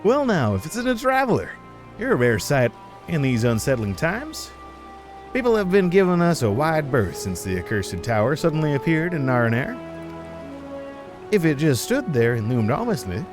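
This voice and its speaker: A man's voice: a little high, pitched above the performer's own voice. A man voicing a fretful male port merchant in a video game, with a put-on accent.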